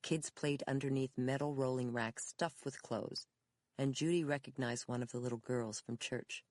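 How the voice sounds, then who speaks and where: An audiobook narrator reading a mystery in a steady, measured storytelling manner. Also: medium pitch, no echo. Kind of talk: scripted narration.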